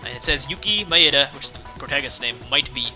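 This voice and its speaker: A man's voice: medium pitch, animated, fast talker, pushed and bright, faint music behind. A young man casually playing through a visual novel, reading the text aloud, rambling, correcting himself and laughing often. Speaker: let's play host.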